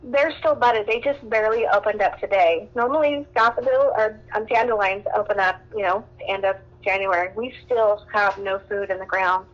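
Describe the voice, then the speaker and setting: A woman's voice: mid-range voice, moderate pace, hardly any pauses, dull audio. A woman from Southern California calling in to a radio talk show, upset and rambling with many fillers and restarts. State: distressed. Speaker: caller.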